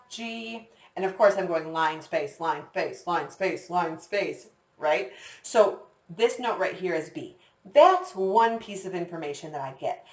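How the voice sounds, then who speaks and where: A woman music teacher giving a recorder lesson for children, patient and encouraging, counting her students in. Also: on the low side. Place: classroom with a whiteboard. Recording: echoey room, distant mic.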